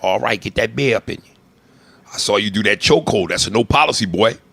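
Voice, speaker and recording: A man putting on a swaggering corrupt veteran detective, all taunts and menace, tossing out street slang with sudden upward jumps in pitch. The voice is very bright and gravelly. It sits close to the mic in a dry, dead room. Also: expressive, a little fast, no room sound, full character voice. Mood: taunting.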